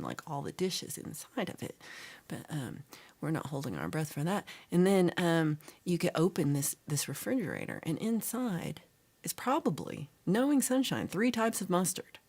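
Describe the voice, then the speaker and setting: A woman's voice: sits low, darkish tone, husky. A middle-aged woman, hosting a casual livestream chat and teasing viewers as she reads their comments aloud. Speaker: livestream host.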